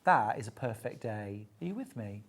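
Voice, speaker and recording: A middle-aged woman with a low voice hosts a live shopping channel demonstration. She is chatty and upbeat, full of little jokes and asides as she shows off products. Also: expressive, moderate pace.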